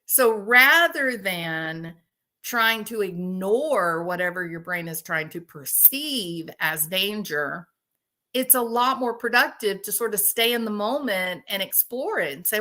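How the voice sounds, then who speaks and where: A woman hosts a relaxed live chat and speaks straight to her viewers. Her voice is bright and clear, at a middle pitch. She tells her stories with animation and laughs often as she goes. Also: a little slow. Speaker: host.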